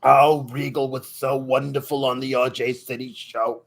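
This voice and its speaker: A man voicing a throaty, gushing older woman with eight husbands during live stream commentary, warmly greeting viewers by name. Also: mid-range voice, flat delivery, moderate pace, vocal fry.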